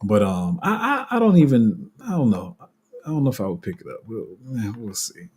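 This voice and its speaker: A man's voice: lowish voice, sing-song, moderate pace, a little mellow, slight background noise. A man hosting a casual crypto livestream, rambling with many restarts and reading viewer comments aloud. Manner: rambling, restarts often, laughs at himself.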